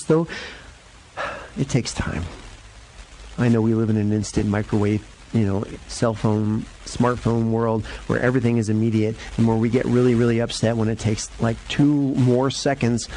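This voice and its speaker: A male pastor giving a conversational sermon in a church, jumping up and down in pitch to stress his points. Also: slight background noise, poor audio. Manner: conversational and lively, varies pitch for emphasis. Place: church sanctuary.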